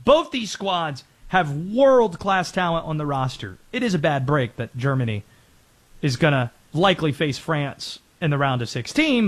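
A man hosting a sports talk show, giving brisk, opinionated commentary and rattling off players and teams. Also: fairly high pitch, fairly bright tone.

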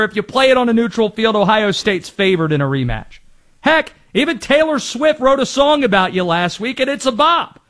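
A man with a notably high voice hosts a call-in sports talk show. He talks fast, jokes, and pokes fun at himself while he takes callers. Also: a bit bright. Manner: quick, playful and self-deprecating, laughs easily. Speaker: sports radio host.

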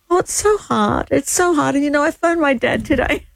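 A woman's voice: high-pitched, animated, brisk, creaky, dry recording, studio quality. An Australian woman in her sixties co-hosting a radio show, talking emotionally and openly in casual chat, with frequent restarts. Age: 60s. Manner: emotional, sharing grief openly, trailing restarts. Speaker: radio co-host. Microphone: studio microphone.

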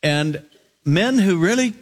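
A man teaching a sermon, reading scripture aloud and stopping to comment with emphatic rises and hushed drops. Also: sits high, animated, slow. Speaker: pastor.

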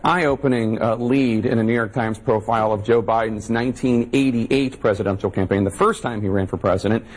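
Male news anchor, kinda husky, measured and wry. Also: on the low side. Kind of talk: news commentary.

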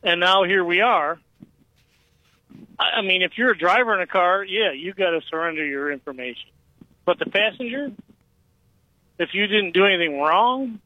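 A man's voice: sits high, muffled recording. A man in his fifties calling a radio show, telling a rambling story and stumbling over his words. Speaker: caller. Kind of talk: phone-in call.

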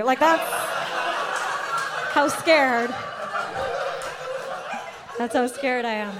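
A young woman telling a stand-up comedy story, animated, acting out what people said. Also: high voice, takes it slowly, long pauses, a loud crowd, very noisy. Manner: animated storytelling, acts out quotes.

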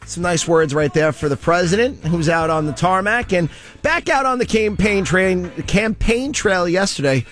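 A man's voice: high voice, animated, normal speed, a bit bright, faint music behind. Sarcastic man hosting casual commentary. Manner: sarcastic, loose and chatty. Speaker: host of a political commentary show.

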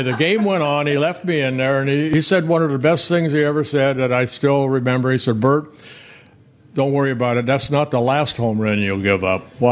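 An older man, a former ballplayer, telling rambling, self-correcting stories in a casual interview. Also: medium pitch. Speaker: former pitcher, guest.

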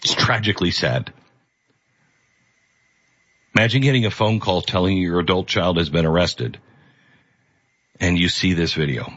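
A man's voice: sits low, moderate pace, long pauses, a bit bright, husky, highs cut off. A male host giving earnest, emphatic opinion commentary.

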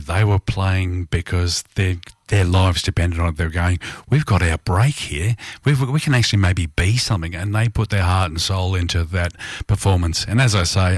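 A man's voice: low-pitched, dry recording, clean studio sound. A middle-aged man presenting music in a rambling, casual chat full of fillers and asides.

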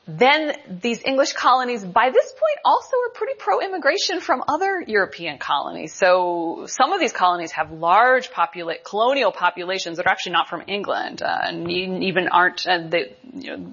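A woman history lecturer talking through her answers with frequent pauses, fillers and restarts. Her voice is slightly husky and breathy, at an ordinary pitch. The recording is dull and lo-fi. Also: fairly bright tone. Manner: thinks aloud with many ums and restarts. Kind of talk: university lecture with Q&A.

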